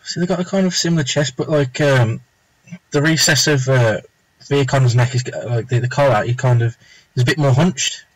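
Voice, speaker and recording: A man's voice: mid-range voice, normal speed, no echo, low-quality recording. A young man chatting casually and rambling as he draws live on stream, muttering to himself now and then. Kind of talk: casual chat while drawing.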